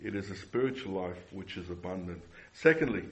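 A man's voice: low-pitched, fairly quick, rough recording. A man preaching a sermon earnestly, repeating phrases and asking the congregation rhetorical questions.

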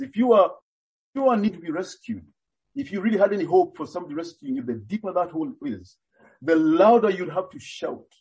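A man preaching a sermon, expounding earnestly and deliberately, with frequent hesitations. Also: high voice, a little mellow, muffled recording.

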